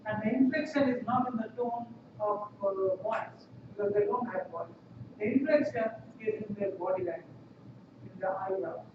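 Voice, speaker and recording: High-voiced man lecturing in an echoey classroom. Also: normal speed. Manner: explanatory, repeats phrases, frequent fillers. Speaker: university lecturer. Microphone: laptop webcam from far off. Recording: echoey room, distant lo-fi mic, noisy.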